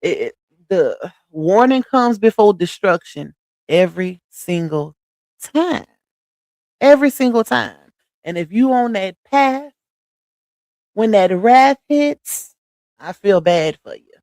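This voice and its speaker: A middle-aged woman hosting a casual livestream, preachy and animated, talking in a slangy, familiar way to her viewers. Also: medium pitch, slow, long pauses, dry recording. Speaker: livestream host. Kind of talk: casual live-stream chat.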